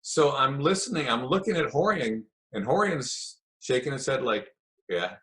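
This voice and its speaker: A man's voice: mid-range voice, animated, moderate pace, fairly bright tone. An older man, a podcast guest, telling long anecdotes in a casual interview and acting out what others said. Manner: rambling anecdotes with acted quotes.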